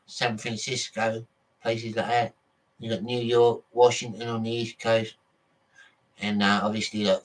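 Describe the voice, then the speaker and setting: A man's voice: medium pitch, a bit bright, distant mic, low-quality recording. A man from Britain vlogging in a casual, rambling monologue, often correcting himself and swearing offhandedly.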